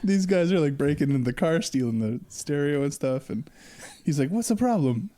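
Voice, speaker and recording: A man's voice: fairly high pitch, expressive, moderate pace, dark tone. A man co-hosting a podcast, casually recapping a film, laughing often and acting out the characters' lines. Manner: laughs often, acts out lines in put-on voices. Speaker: podcast co-host. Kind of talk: casual movie discussion.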